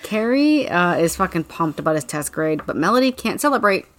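A woman's voice: fairly low pitch, big pitch swings, fairly quick, a little hiss or hum. A woman co-hosting a podcast, recapping a book's plot in a blunt, profane, breezy way. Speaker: podcast co-host. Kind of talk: casual chat recapping a book.

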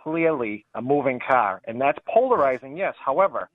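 A man with a Boston accent calling in to a radio show, making his case earnestly with halting restarts. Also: medium pitch, big pitch swings, dry recording. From New Hampshire. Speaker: caller. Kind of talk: call-in radio talk. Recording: dull phone-line call audio.

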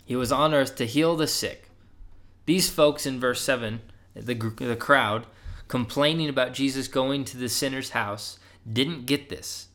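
A man's voice: mid-range voice, fairly bright tone. A young adult man giving a casual podcast sermon as a preacher, conversational and often asking "right?", rising with emphasis when he urges his listeners.

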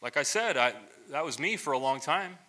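A pastor with a very bright, sharp-edged voice preaches in an easy, chatty way. He talks in loose stories full of restarts and little asides and pokes fun at himself as he goes. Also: a little high, brisk. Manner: relaxed storytelling, many restarts and asides; self-deprecating humor. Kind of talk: conversational sermon.

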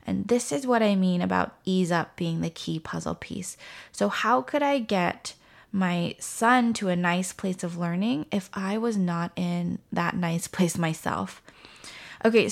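A woman in her thirties hosting a parenting podcast, calmly telling a story and acting out the dialogue. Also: fairly low pitch, vocal fry. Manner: calm, storytelling with quoted dialogue. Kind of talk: instructive parenting talk.

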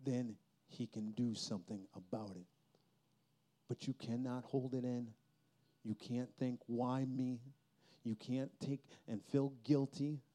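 A man speaks at a Christian youth festival, sharing a personal testimony in an earnest, heartfelt way. His voice is warm and mellow, sitting at an ordinary middle pitch. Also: steady tone, slow. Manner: earnest, emotional storytelling.

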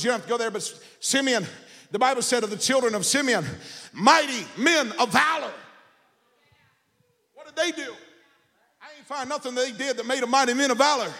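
A man pastor preaching a sermon, building from casual storytelling into shouted and sung phrases. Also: very high voice, big-room sound. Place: church sanctuary.

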